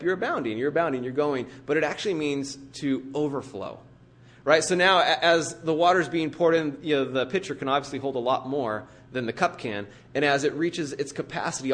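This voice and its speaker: A man with a somewhat high voice preaches to his church. He speaks in an earnest, emphatic way and builds vivid everyday pictures to make his point. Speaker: pastor. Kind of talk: sermon.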